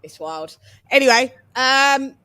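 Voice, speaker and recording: A woman's voice: high voice, animated, takes it slowly, pushed and bright, clean tone. A woman from England hosting a casual boxing chat livestream, playful and chatty, singing little jingles as she brings guests in. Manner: playful, sing-song intros, chatty asides. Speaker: livestream host.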